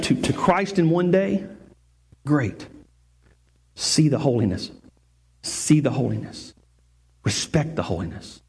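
A man's voice: sits high, a little mellow, husky. A man preaching a sermon as pastor, earnest, often restarting phrases and repeating words for emphasis.

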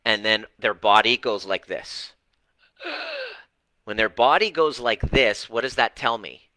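Fired-up, blunt man with very bright voice. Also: lowish voice, moderate pace, no room sound, poor audio. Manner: passionate, blunt, swears for emphasis; dramatic, fired up. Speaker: relationship and healing coach. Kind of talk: livestream talk to an online group.

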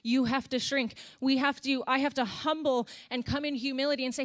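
A woman's voice: high voice, fairly even intonation, fairly quick, few pauses. A young woman, a worship leader, preaching a candid, conversational sermon with sighs and emotional moments.

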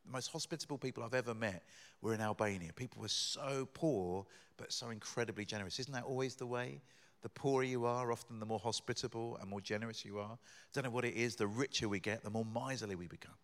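Middle-aged guest preacher, mid-pitched, lively storytelling delivery. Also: male voice, fast talker. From Britain. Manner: animated storytelling, rising loud in acted bits. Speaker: guest speaker. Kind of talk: sermon.

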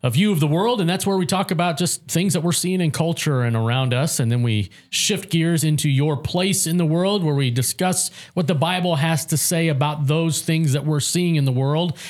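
A man with a fairly high voice co-hosts a podcast in an easygoing, friendly way. He talks through the show's format in relaxed, conversational phrasing. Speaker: podcast co-host. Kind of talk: casual podcast talk, introducing the show's segments.

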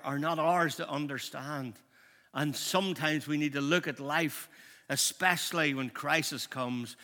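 Pastor preaching in a ringing hall. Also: male voice, on the high side. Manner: impassioned, swings from loud to hushed. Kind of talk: sermon. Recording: long hall reverb.

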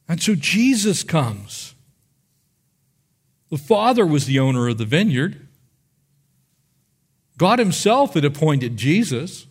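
Male pastor, sermon, high voice, very expressive, animated storyteller. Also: slow pace, pauses often, husky. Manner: animated storytelling, acts out biblical figures.

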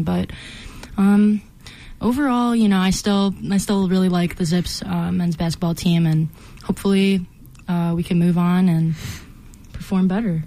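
A woman's voice: lowish voice, dark tone. A young woman co-hosting a radio sports show, chatting casually with lots of "like" and "um". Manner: chatty, many likes and ums. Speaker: co-host. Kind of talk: casual chat.

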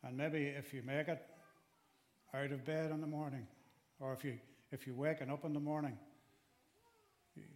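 A man's voice: a little high, little pitch movement, moderate pace, long pauses. Earnest male preacher delivering a sermon. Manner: earnest, emphatic, rising in intensity on quoted pleas; direct address to listeners with restarts.

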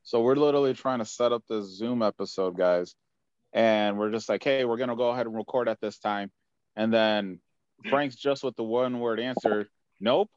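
A man's voice: lowish voice, normal speed, a little mellow, clean tone, no echo, highs cut off. A young man co-hosting a casual podcast, telling stories in a profane, exasperated way. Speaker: podcast co-host. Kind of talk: casual chat.

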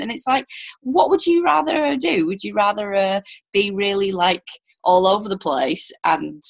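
A woman's voice: mid-range voice, lively intonation, normal speed, gravelly, slightly rough. A woman hosting a casual interview podcast, chatty and rambling, with lots of fillers and restarts. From United Kingdom. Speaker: podcast host.

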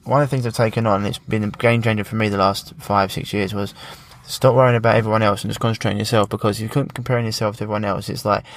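Gravelly low podcast host. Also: male voice, steady tone, racing, hardly any pauses. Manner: chatty, rambling, coaching talk. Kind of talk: casual podcast conversation.

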